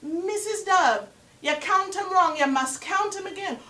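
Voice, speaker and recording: A woman voicing Anansi, a cunning and greedy male spider trickster, in a high, loud, wheedling voice. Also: measured pace, heavily acted. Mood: insistent. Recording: roomy echo from far off.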